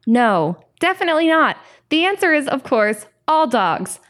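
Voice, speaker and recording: A woman co-hosting a scripted comedy show, delivering absurd claims with total deadpan confidence. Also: sits high, moderate pace.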